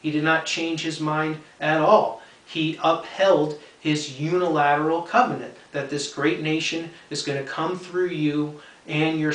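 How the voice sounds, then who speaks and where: An earnest male Bible teacher with a somewhat high voice talks through scripture point by point. He keeps checking in with his listeners and hammers home each idea by repeating it. The sound is roomy, as though he stands a little away from the microphone. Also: fairly bright tone, distant mic. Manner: repeats key points for emphasis.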